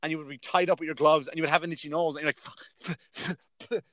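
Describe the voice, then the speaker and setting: A higher-pitched Irish man in his thirties spins anecdotes in casual chat, peppering them with swearing and bursts of laughter. His voice sits close and dry, with no room sound around it. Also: flat delivery, very fast, pushed and bright, dry recording. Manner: profane, laughing storyteller.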